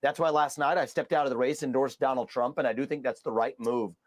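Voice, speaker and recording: Formal, measured politician man. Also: medium pitch, steady tone. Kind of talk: interview answer.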